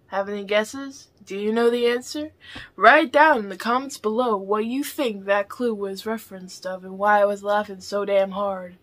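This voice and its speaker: A woman vlogger reacting to a film in a casual, rambling, excitable way. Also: medium pitch.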